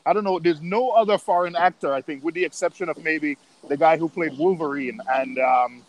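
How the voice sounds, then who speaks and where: Guy, opinionated and talky, a little high pitched, noisy line. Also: brisk. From United States. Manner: talkative, emphatic, opinionated. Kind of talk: casual chat.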